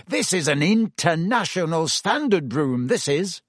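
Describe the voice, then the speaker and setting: A man reading aloud voices an excitable, impatient teenage boy who talks loudly and boisterously. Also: fairly high pitch, measured pace, no echo, clean studio sound, voice pushed up. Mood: excited.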